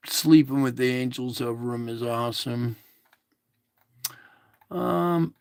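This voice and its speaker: A man hosting a casual spiritual show, talking in a slow, soothing, repetitive way to reassure his listeners. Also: mid-range voice, fairly even intonation, vocal fry, no echo. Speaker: show host. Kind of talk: casual spiritual livestream talk.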